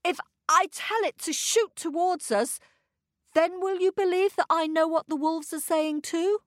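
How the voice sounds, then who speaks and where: A woman's voice: extremely high pitch, a little slow, no room sound, clean studio sound, pitched above the performer's own voice. Woman doing an eager pleading little boy. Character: young human boy, earnest and pleading.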